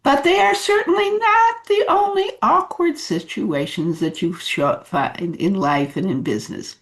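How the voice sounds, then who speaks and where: A woman leadership coach giving advice in an unhurried talk, with many fillers and restarts. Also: high voice.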